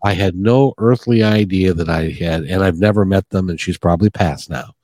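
A man's voice: sits low, moderate pace, darkish tone, no echo. A man hosting a podcast interview, talking earnestly and rambling with many restarts. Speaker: podcast host. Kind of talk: heartfelt podcast interview chat.

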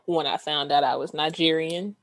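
Low-voiced young woman, teasing podcast host. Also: steady tone, moderate pace, no echo. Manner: teasing, emphatic, repeats herself. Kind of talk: casual sports chat.

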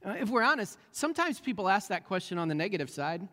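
Pastor telling a story, long hall echo. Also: male voice, sits high, big pitch swings, fast, few pauses, sharp tone. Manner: storytelling with many fillers and restarts. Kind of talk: sermon.

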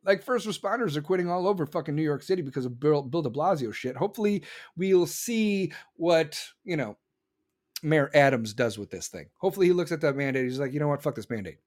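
A man's voice: a little high, lively intonation, fairly quick, darkish tone. Profane, ranting man in his forties. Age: 40s. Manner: profane, heated, sarcastic, mocks others in put-on voices. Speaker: live-stream podcast host. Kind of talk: ranting political talk.

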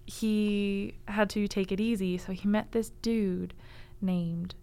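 A woman's voice: mid-range voice, steady tone, takes it slowly, warm tone, clean tone. A young woman casually telling a history story on a library podcast, laughing often and saying like and um a lot. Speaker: library staff guest presenting book picks.

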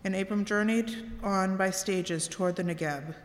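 A woman's voice: medium pitch, normal speed. Woman reading scripture in echoey church. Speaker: scripture reader. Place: church sanctuary. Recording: echoey church with long reverb.

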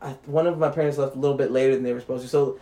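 A man's voice: medium pitch, fairly even intonation, racing, mellow. A young man casually telling a story, swearing freely and laughing as he talks. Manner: laid-back, swears freely, laughs through his story.

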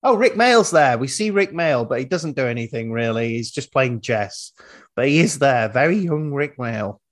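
A male podcast host chats casually about a film and rambles through each scene as he retells it. His voice sits at an ordinary middle pitch. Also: expressive, moderate pace.

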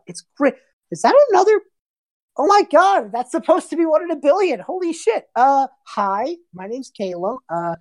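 A man's voice: very high-pitched, darkish tone, pitched above the performer's own voice. A woman voicing a flustered young male prince in a tabletop game, stammering and gushing with nervous politeness.

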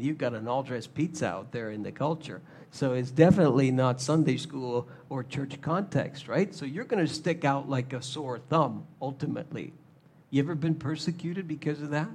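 A man preaching a sermon, animated, acting out little scenes in shifting voices. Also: mid-range voice. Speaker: pastor.

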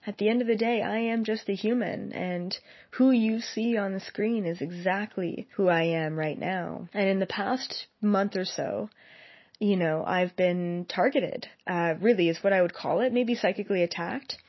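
A young woman speaks earnestly and heartfeltly, rambling a little as she addresses her viewers. Her voice sits at an ordinary pitch for a woman. The recording is dry and slightly dull. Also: normal speed, slightly rough, dry recording. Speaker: psychic. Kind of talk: personal monologue to viewers. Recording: slightly muffled, dry sound.

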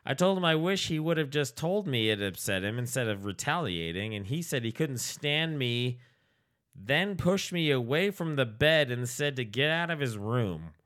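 Lively bright-voiced man joking around. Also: medium pitch, normal speed. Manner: joking, reads listener letters aloud, does silly voices. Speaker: podcast co-host. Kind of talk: casual comedic podcast chat.

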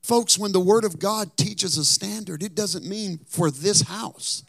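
A man preaching a sermon, telling a story and then pressing his point, at times rising to loud outbursts and at times dropping to a whisper. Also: high voice, unhurried, gravelly, no echo, studio quality. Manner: drops to a whisper for emphasis. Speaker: pastor.

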